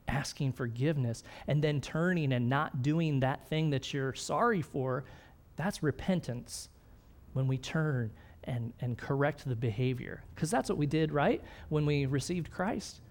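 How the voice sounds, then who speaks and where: A middle-aged male pastor, his voice on the high side and a little mellow, preaches at normal speed. His sermon is conversational, and he often checks in with his listeners and laughs lightly.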